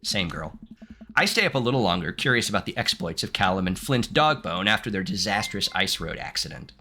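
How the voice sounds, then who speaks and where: A man's voice: lowish voice, big pitch swings, brisk, pushed and bright, a little hiss or hum. A man from the United States streaming gameplay, reading game text aloud and chatting playfully with his viewers, laughing often. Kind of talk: live-streamed gameplay commentary.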